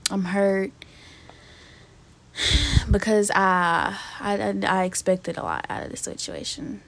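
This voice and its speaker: Young woman podcast host, venting real candid and cussing, mid pitch. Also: steady tone, takes it slowly, gravelly, fairly bright tone. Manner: candid, profane, talks straight to listeners. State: emotionally hurt, near tears. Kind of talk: casual solo podcast venting.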